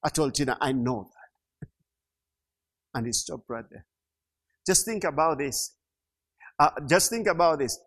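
Slow, emphatic preacher man. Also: a little high, animated. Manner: slow, emphatic preaching with repetition and sudden loud peaks. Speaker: pastor. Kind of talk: sermon.

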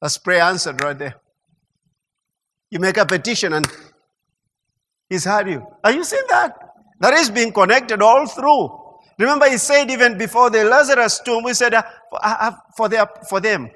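A high, bright male preacher delivering an animated sermon, stumbling over restarts before punching his points home. His voice rings with a long reverb from a large hall. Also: moderate pace, long pauses. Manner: animated, mimics mock prayer sounds and laughs; stammering restarts, rising to emphatic peaks.

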